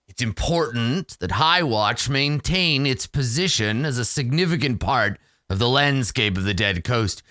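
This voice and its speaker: A man voicing a gruff male warlord who gives orders from his throne, speaking in a commanding, dismissive way. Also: medium pitch, expressive, measured pace, hardly any pauses, bright, forceful tone, dry recording.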